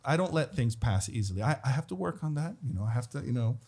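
Husky man telling animated stories. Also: mid-range voice, fast talker. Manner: animated, acts out the people in his stories. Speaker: guest. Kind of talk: casual storytelling.

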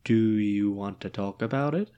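A man's voice: on the low side, moderate pace, mellow, clear, resonant tone, muffled recording, close to an everyday voice. A man reading the part of a ghostly dictator with a bullet wound, needy and melodramatic, in a stage play reading. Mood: fussing. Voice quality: theatrical, swinging between whimpers and outbursts.

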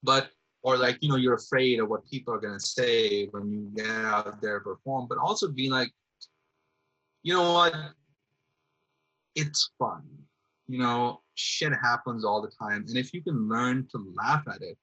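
A man's voice: mid-range voice, normal speed, sharp tone, muffled recording. A man, a theatre artist, talking reflectively as a guest, rambling thoughtfully with lots of fillers. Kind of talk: reflective casual conversation.

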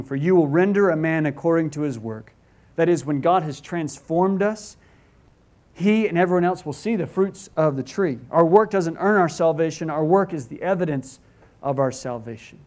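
A man's voice: fairly high pitch, normal speed, a little mellow. A middle-aged man preaching a sermon as pastor, earnest and pleading, asking rhetorical questions and often restarting his words.

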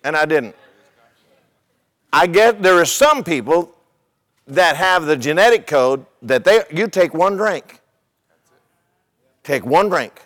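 A man's voice: fairly high pitch, expressive, slow pace, long pauses, a bit bright, in a large hall. An older man, a pastor, preaching a sermon in a conversational way, repeating his words and telling humorous stories.

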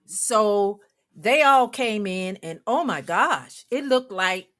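An older woman, a former coach, telling a lively story on a talk show, laughing often and acting out the people she quotes. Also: mid-range voice, takes it slowly. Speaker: guest, former women's basketball coach.

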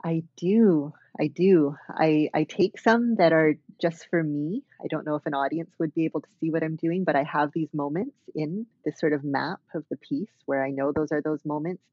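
A woman's voice: sits low, normal speed, few pauses, slightly rough, dry recording. Woman, interview guest, thoughtful, hesitant fillers, dry close sound, slightly dull recording. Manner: thoughtful, many fillers and restarts. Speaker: dance artist and guest. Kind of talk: reflective conversational interview.

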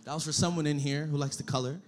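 A young man preaching to a young adult church group, energetic and repetitive, often calling out for the crowd to answer. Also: on the high side, fast. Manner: energetic, repetitive, calls for audience response. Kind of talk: sermon.

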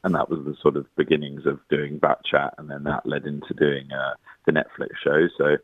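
Brief: low male comic guest, self-mocking storyteller, dry phone-line sound. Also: completely flat delivery, dry recording. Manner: self-deprecating anecdotes, quick asides. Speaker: comedian guest. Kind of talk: casual chat.

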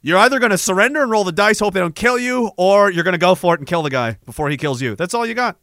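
Profane, high, bright-voiced male streamer. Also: quick pace, no room sound, clean studio sound. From Canada. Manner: profane, rambling, animated storytelling. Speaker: livestream host. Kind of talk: casual livestream chat.

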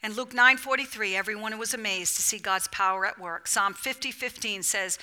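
A woman's voice: medium pitch, moderate pace, hardly any pauses, bright, forceful tone. A woman preaching a fervent, emphatic sermon to a women's church gathering, with a repetitive preaching cadence.

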